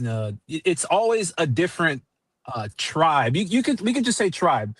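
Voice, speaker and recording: A man's voice: fairly high pitch, sing-song, moderate pace, fairly bright tone, husky, no room sound. A man speaking as a guest in a debate, hesitant and defensive, often restarting his sentences.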